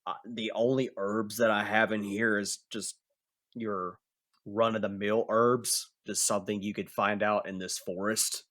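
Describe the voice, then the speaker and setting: A man voicing a gruff, weary male bear shopkeeper who grumbles in exasperation. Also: lowish voice, little pitch movement, a little slow, a bit bright, no room sound, studio quality. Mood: exasperated.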